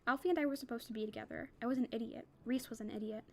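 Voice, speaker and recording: Young woman reading a book out loud, higher voice, rattles along fast with little side comments. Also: fairly even intonation. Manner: quick reading with casual asides. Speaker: book club reader. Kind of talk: reading a novel aloud.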